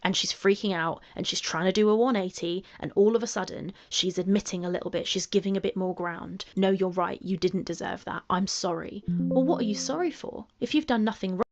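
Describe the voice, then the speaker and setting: Calm-voiced woman reading and analysing messages. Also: medium pitch, a little fast, few pauses, highs cut off. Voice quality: calming voice. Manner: analytical, emphatic rhetorical questions. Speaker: commentator reacting to messages. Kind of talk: measured commentary reading messages aloud.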